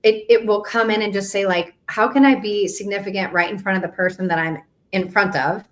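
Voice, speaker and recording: A woman's voice: medium pitch, fairly even intonation, brisk. A woman hosting a podcast, chatting casually with many fillers. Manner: chatty, lots of fillers like "like" and "you know". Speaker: podcast host. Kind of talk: casual interview chat.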